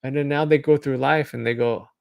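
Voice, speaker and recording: A man's voice: mid-range voice, steady tone, brisk, creaky, darkish tone, no room sound, clean studio sound. A man vlogging alone in a casual, meandering monologue, full of filler words, sometimes acting out imagined voices.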